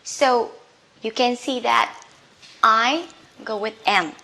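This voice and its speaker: A woman teaching English, saying each word slowly and repeating it for learners, often checking with "okay?". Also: fairly high pitch, vocal fry, pushed and bright. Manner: ends points with a checking "okay?". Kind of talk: slow drilled English lesson.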